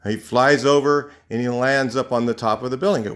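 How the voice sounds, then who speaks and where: A California vlogger rants to camera in a casual, rambling monologue, indignant and full of fillers and restarts. His voice is medium-pitched, steady and fairly bright. He talks briskly, with hardly any pauses.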